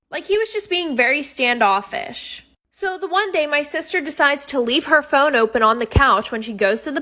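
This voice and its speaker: A woman's voice: high-pitched, pushed and bright. A young woman telling a personal storytime in a chatty, wry way.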